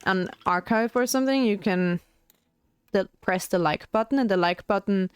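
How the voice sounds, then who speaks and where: A woman's voice: mid-range voice, normal speed, clean tone, no room sound. A young woman streaming as a VTuber, chatting in a rambling, casual way while she paints miniatures, full of "like" fillers.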